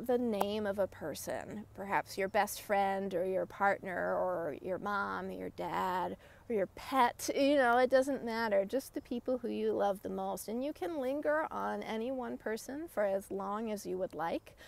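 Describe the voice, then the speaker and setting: An American woman leads a meditation lesson in a calm, explanatory way, often pausing on "right?". Her voice carries a gravelly, creaky edge at a middle pitch. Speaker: meditation instructor. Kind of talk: teaching a meditation session.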